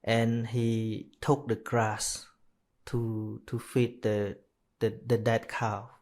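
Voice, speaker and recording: Man, Khmer first language, dharma talk, very slow, stops and corrects himself. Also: fairly low pitch, level tone, darkish tone. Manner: slow, hesitant, with many restarts and self-corrections. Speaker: Buddhist monk teaching dharma. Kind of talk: live dharma talk, telling a story.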